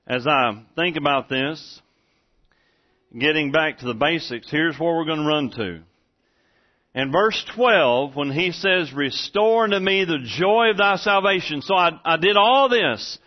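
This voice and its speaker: A man's voice: on the high side, expressive, unhurried. A man preaching a sermon in a church, earnest and repetitive, often restarting his sentences. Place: church room with congregation. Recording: dull lo-fi sermon recording.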